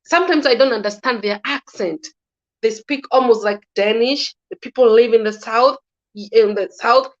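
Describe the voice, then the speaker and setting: Kenyan woman guest airing political views, halting and repetitive, higher voice, muffled low-fi line. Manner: halting, with frequent restarts and repeated words. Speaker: guest commentator. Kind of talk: casual political opinion talk. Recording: slightly dull lo-fi recording.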